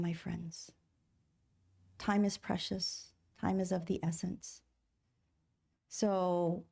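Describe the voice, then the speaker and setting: A woman's voice: lowish voice, dark tone. A middle-aged woman minister giving a sermon in a church, talking conversationally, asking the congregation questions and acting out inner voices. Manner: acts out inner voices in quotes. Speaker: guest minister. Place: church sanctuary.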